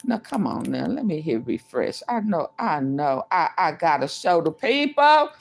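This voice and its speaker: A woman's voice: deep voice, big pitch swings, measured pace, creaky. A woman vlogger chatting to her live viewers in a casual, repetitive way. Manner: chatty, repeats herself, talks to viewers. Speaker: livestream vlogger. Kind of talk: casual live-stream commentary.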